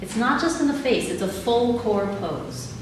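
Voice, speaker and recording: A woman's voice: fairly high pitch, normal speed. Woman guiding an audience in an echoey hall. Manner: calm, instructive, laughs easily. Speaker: speaker leading an audience exercise. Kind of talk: live talk with guided exercises. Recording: echoey hall, mic at a distance, audible background noise.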